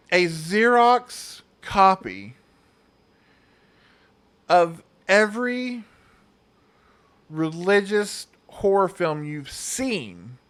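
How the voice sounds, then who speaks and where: A man's voice: high voice, fairly bright tone, clear, resonant tone. A young man hosting a casual movie review, rambling and sarcastic, with many fillers.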